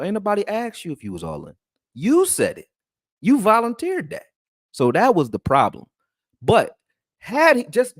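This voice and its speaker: A man hosting a casual sports talk show, talking in slang and swinging from loud high exclamations to low mutters. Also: no room sound, clean studio sound. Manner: slangy, conversational.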